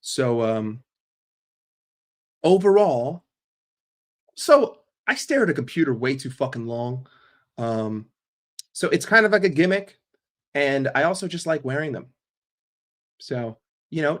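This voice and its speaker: A man's voice: on the high side, big pitch swings, slow, pauses often, a bit bright. A man from New York ranting casually and profanely on a live stream, rambling between jokes and opinions. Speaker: football fan streamer.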